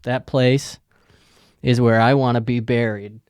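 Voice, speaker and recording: A man's voice: medium pitch, fairly even intonation, a little slow, darkish tone, clean tone, dry recording, clean studio sound. A man hosting a podcast, rambling and joking in casual, heavily profane chat. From United States. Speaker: podcast host.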